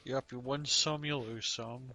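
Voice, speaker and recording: A man's voice: medium pitch, fairly even intonation, unhurried, sharp tone. A man co-hosting a casual podcast, dropping short, dry wisecracks. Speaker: podcast co-host. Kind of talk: casual chat.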